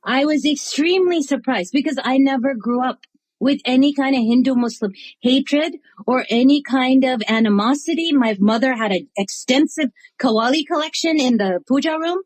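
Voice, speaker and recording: Husky-voiced woman telling lively stories. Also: sits high, moderate pace, dry recording, rough recording. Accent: American. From United States. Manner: lively, laughs often, acts out dialogue. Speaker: interview guest, artist and chaplain. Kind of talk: animated storytelling in conversation.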